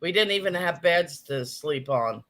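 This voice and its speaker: Chatty bright-voiced man hosting a live stream. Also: a little high, expressive, a little slow. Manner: chatty, greets viewers and reads chat comments aloud. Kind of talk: casual live-stream chat.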